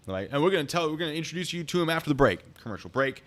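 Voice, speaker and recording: A man telling a story on a live stream, excitable and rambling. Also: on the high side, racing, few pauses.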